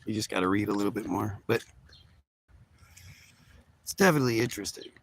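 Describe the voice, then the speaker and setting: A man with a low, gravelly voice talks straight to his viewers in a rambling, emphatic way, stumbling and restarting his sentences. There is a faint hiss of noise behind him. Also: fairly quick, low-quality recording. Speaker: video host. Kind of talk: casual commentary to viewers.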